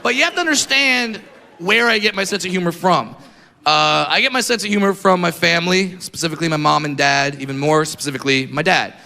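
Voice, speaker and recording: A man's voice: a little high, brisk, slight background noise. A man doing a crude, punchy stand-up comedy set before a live audience. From California. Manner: brash, crude, punchy delivery with mocking voices for others. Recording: live show in a hall, loud audience.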